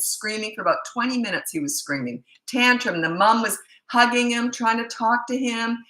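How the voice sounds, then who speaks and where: A woman parenting coach talks straight to camera in a blunt, emphatic way, hammering her points home by repeating them. Her voice is bright and forceful, and the room gives it a noticeable echo. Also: a little high, normal speed, few pauses. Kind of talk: casual advice monologue.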